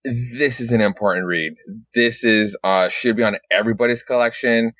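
A man co-hosting a comic review podcast, chatting casually and chiming in with quick reactions and laughs. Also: mid-range voice, a bit bright, no room sound. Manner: brief reactions, laughs, chimes in. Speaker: podcast co-host.

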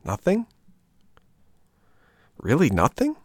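A wooden puppet boy, always hungry and fretful, whining in a pitched-up voice, as a man puts him on. His tone is stubborn and prone to wailing, with a gravelly grain underneath. The storybook reading sounds dry and close. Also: normal speed, no room sound, lightly acted.

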